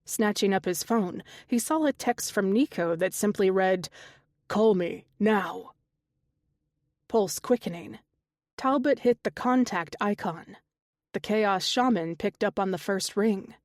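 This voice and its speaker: A woman narrating a fantasy romance audiobook in a steady, measured reading style. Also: mid-range voice, no room sound, clean studio sound. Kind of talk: scripted narration.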